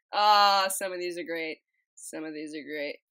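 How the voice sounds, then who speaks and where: A woman with a low, slightly mellow voice narrates casually over her speedpaint and reads posts aloud. She rambles and giggles, restarts and trails off, and keeps bumping her desk mic, so the audio is poor.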